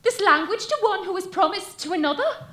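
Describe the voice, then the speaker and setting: A woman's voice: extremely high pitch, animated, a little fast, pushed and bright, heavily acted. A woman playing an earnest young milkmaid torn between duty and love, acting melodramatically on stage. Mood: melodramatic. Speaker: stage actor. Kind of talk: amateur stage musical acting. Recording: echoey theater stage.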